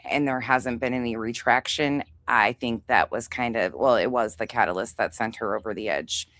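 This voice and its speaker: A woman co-hosting a drama livestream, making measured, pointed remarks with a slightly smug edge. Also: rumbling low, a bit bright, no room sound. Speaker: co-host guest on commentary stream. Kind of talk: livestream commentary.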